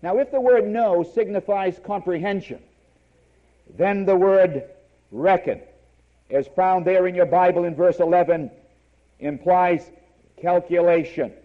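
A man's voice: high voice, a little slow, long pauses, phone-quality sound. A man preaching a sermon, emphatic and repeating key words for stress.

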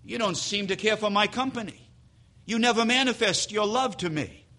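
A man's voice: high voice, moderate pace, sharp tone, pitched above the performer's own voice. A man voicing a heartbroken, tearful middle-aged wife pleading with her husband.

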